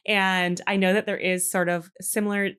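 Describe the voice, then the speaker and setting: A woman's voice: mid-range voice, flat delivery, normal speed, fairly bright tone, clear, resonant tone. A woman hosting a podcast, chatting casually and enthusiastically with her guest. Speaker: podcast host. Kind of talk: casual interview chat.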